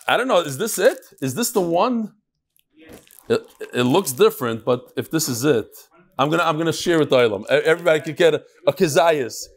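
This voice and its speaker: A man leading a daily Talmud class, joking and teasing back and forth with the people in the room. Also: on the high side. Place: classroom with a live audience.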